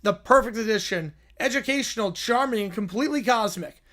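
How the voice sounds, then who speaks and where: A man's voice: high voice, fairly quick, fairly bright tone. A man voicing a smarmy, showy alien who hosts educational films with showbiz patter. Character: alien male film host, smarmy and showy.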